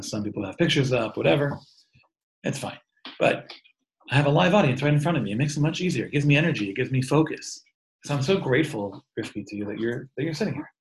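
Speaking over a video call, a teacher in his thirties offers a sincere, casual talk about faith and wellbeing, regularly going back to repeat or restart his words. He has a mid-range voice with vocal fry, and the recording quality is low.

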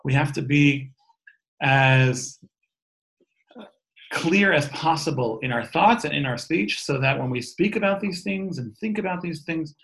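A man's voice: fairly high pitch, lively intonation, measured pace, vocal fry, fairly bright tone, poor audio. A man around forty leading a call-in class, giving an informal spiritual lecture. He talks conversationally, thinking aloud with restarts and fillers, and tells stories along the way. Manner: explains terms letter by letter, storytelling asides.

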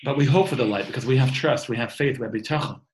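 A man's voice: medium pitch, fast talker, a little hiss or hum, rough recording. Man, 30s, earnest informal teacher; restarts phrases, video-call sound. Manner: earnest, repeats and restarts words. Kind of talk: informal talk on faith and wellbeing.

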